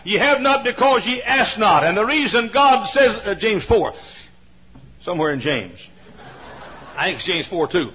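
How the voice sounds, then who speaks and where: A man preaching a sermon, repeating his phrases, swinging from shouts down to a low murmur, and often coughing and clearing his throat. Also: lively intonation, moderate pace. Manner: repetitive, builds to shouting, then drops to a low murmur. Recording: dull lo-fi recording with faint hiss.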